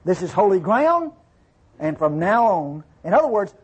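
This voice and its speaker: A man teaching from the Bible in a relaxed, conversational way. He reads verses aloud, explains them, and keeps checking in with his listeners. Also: high voice, moderate pace, husky, dull audio.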